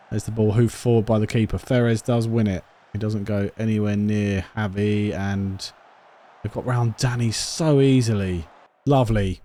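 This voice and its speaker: Excitable man commenting a football sim. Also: on the low side. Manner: excitable, shouts at the match then drops to quiet musing. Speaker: gaming YouTuber. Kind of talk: casual commentary over a football management game.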